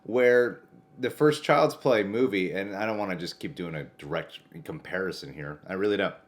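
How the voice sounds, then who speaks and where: A man co-hosting a movie reaction show in casual chat, animated and joking, often laughing. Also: deep voice, moderate pace.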